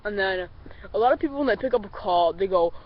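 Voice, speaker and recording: A man who is a little sick, explaining duck calls in a relaxed, rambling tutorial and calling the viewers guys. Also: high-pitched, fast talker. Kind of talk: casual tutorial. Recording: slightly dull lo-fi recording with faint vehicle noise.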